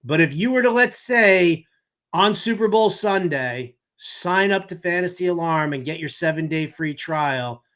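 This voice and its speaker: Speaking a little slowly, the mid-fifties host of a fantasy baseball podcast has a slightly high, somewhat bright voice that's quite expressive. In loose conversation he wanders off topic, cracks jokes, and curses freely.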